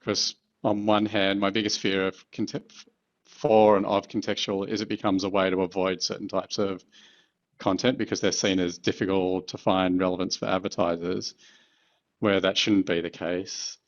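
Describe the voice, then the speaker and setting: A man working as an advertising executive, answering interview questions in a measured, thoughtful way with the odd filler. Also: deep voice, flat delivery, muffled recording.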